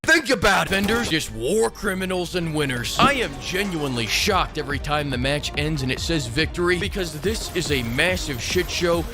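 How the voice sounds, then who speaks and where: A man's voice: a little high, animated, moderate pace, hardly any pauses. A man giving sarcastic, profane comedic gaming commentary and often jumping into mock voices. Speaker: gaming YouTuber. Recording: with background music.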